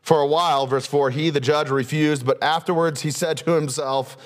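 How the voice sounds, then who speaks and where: A man pastor preaching a sermon, asking rhetorical questions and shifting his pace and pitch often. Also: fairly even intonation, normal speed.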